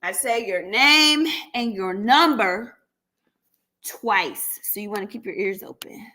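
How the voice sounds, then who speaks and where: A woman's voice: medium pitch, lively intonation, slow, bright, forceful tone, a little hiss or hum. A woman hosting a casual live stream, chatty and laughing often, talking aside to her dog.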